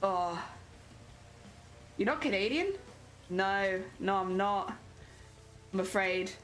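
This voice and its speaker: A young British woman streams while crafting, chatting casually and greeting viewers with sing-song leaps in her voice. Her voice is mid-range, slightly bright and lively in intonation, and she speaks slowly over faint background music.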